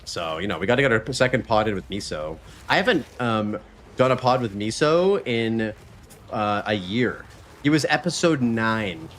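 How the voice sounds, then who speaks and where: A man's voice: mid-range voice, a bit bright, slight background noise. Chatty man streaming a game. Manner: loose, chatty, swears freely, thinks aloud between game actions. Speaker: streamer and podcast host. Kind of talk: casual live-stream chat while gaming.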